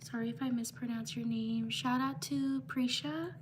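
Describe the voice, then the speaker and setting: A woman hosting a livestream, reading viewers' names for shout-outs in a slow, repetitive way. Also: fairly high pitch, steady tone, background noise. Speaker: livestream host.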